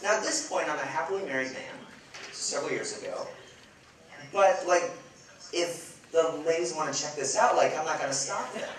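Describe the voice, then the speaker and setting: A man's voice: fairly high pitch, normal speed, a crowd in the background. Man, 30s, from Chicago, self-mocking event storyteller; very roomy, distant hall sound. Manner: lively, self-mocking, playful asides to the audience. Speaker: event speaker. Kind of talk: humorous storytelling talk. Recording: echoey hall, far from the mic.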